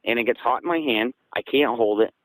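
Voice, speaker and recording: A man from southeastern Massachusetts, a guest on an interview show, telling a story in a casual, excited way that turns louder and higher when he quotes people. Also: a little fast, dry recording, low-quality recording. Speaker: guest recounting an encounter.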